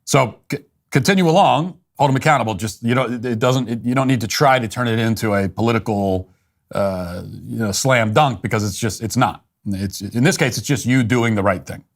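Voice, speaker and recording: Male commentator, blunt and dismissive, mid-pitched, trips over restarts. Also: a little fast. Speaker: political commentator. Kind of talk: opinionated monologue.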